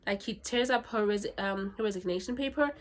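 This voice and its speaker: A woman's voice: mid-range voice, fairly quick. A young woman from South Africa chatting about her favorite books, giggly and full of "like" and "legit". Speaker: book reviewer. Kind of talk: casual book review chat.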